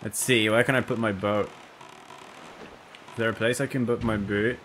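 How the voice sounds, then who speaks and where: A man's voice: fairly low pitch, steady tone, moderate pace, a little hiss or hum. A man giving casual, profane let's play commentary, joking and talking to himself as he plays. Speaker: gameplay commentator. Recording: game music loud behind.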